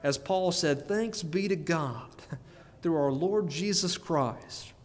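Male preacher with a higher voice, earnest and questioning, long reverb tail. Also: slow pace. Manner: earnest, repeats words, asks the listeners questions. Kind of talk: sermon.

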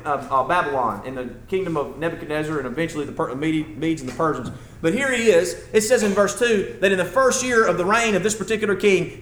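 A man's voice: sits high, fairly bright tone, roomy sound. A man preaching a sermon as a church elder, talking in a folksy, conversational way that builds to emphatic passages.

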